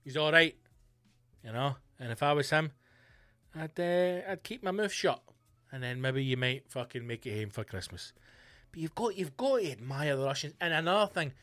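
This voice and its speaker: Man, podcast host, profane comic rant, slightly high voice, dry close sound. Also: moderate pace, no echo, faint music behind. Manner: profane, animated, mocking asides. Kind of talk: solo comedic rant. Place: home studio bunker.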